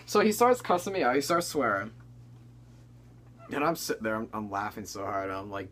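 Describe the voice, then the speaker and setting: A man's voice: lowish voice, moderate pace, long pauses, fairly bright tone, a little hiss or hum. A young man hosting a comedy chat, telling a story in a rambling, casual way with lots of restarts. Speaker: comedy channel co-host.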